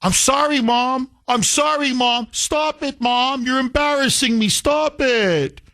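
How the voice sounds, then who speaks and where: A man's voice: extremely high pitch, takes it slowly, pushed and bright, voice pushed up, exaggerated voice. A man doing a whiny pleading teen boy. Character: pleading embarrassed teenage boy.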